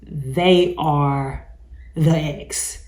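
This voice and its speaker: A woman's voice: deep voice, fairly even intonation, extremely slow, darkish tone. A woman hosting a casual advice talk, speaking emphatically and chattily with many asides. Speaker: host talking about narcissistic abuse. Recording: roomy echo.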